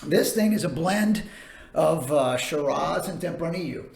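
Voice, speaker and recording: A man's voice: a little high, expressive, a little slow, vocal fry, darkish tone. A man co-hosting a casual chat, presenting a wine in a chatty, laughing way with many fillers. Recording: echoey room.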